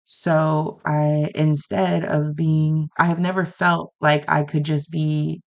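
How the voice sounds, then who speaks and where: A woman's voice: low-pitched, flat delivery, takes it slowly, vocal fry. Woman praying with raw anger. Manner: raw, pleading and angry. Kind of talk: emotional spoken prayer.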